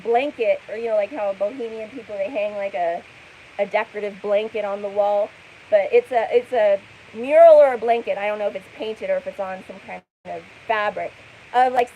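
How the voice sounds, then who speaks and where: A woman's voice: fairly high pitch, darkish tone, slight background noise, rough recording. A woman giving casual vlog commentary, skeptical and rambling, with many fillers.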